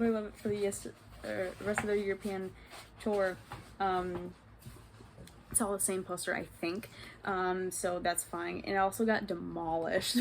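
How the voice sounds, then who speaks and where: A young woman from New York chatting on her vlog, excitable and gushing, with lots of ums and giggles. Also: mid-range voice, slight background noise, poor audio. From New York state. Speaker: vlogger. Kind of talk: casual vlog chat.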